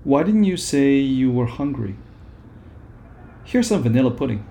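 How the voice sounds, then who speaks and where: A man's voice: medium pitch, very animated, unhurried, gravelly, mellow, a little hiss or hum. Man doing a snappish little terrier. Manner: snappy, huffy storybook lines. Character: fussy female terrier dog, snappish.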